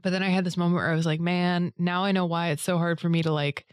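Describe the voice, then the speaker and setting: A woman's voice: on the low side, steady tone, fast talker, clear, resonant tone, no room sound, clean studio sound. A woman in a casual chat, telling a long story full of fillers and acting out other people's lines. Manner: rambling storyteller, many fillers, acts out others in a raised voice.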